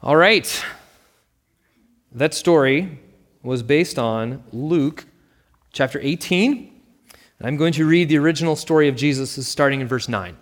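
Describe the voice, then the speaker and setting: A man, a pastor, narrating a story and then reading scripture in a steady, measured way. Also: a little high. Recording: long reverb.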